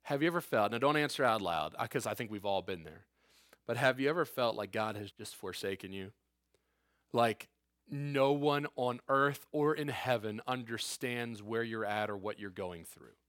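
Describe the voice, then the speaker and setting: A man's voice: medium pitch, lively intonation, normal speed, a bit bright, no echo, studio quality. A man preaching a conversational sermon as a pastor, earnest and emphatic with informal asides.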